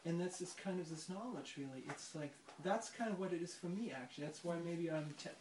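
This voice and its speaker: A participant in a spiritual discussion briskly retells a story in a medium-pitched voice, pausing reflectively to find the right words. The mic is far away, so the sound is echoey and off-axis, with a little faint noise.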